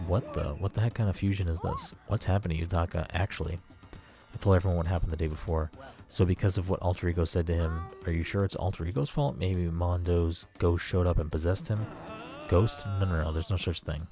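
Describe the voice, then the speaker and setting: A man's voice: low voice, brisk. A man hosting a game playthrough, reading the characters' dialogue aloud in a casual way. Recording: faint game music behind.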